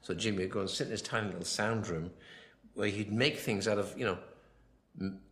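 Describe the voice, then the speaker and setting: A film director giving a rambling commentary, full of anecdotes, often quoting himself and others. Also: male voice, fairly low pitch, steady tone, brisk, fairly bright tone.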